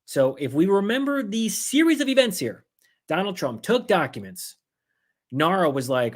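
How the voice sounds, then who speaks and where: A man hosting a livestream of political commentary, talking fast, heated and sarcastic, acting out others in mocking voices. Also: sits high, big pitch swings.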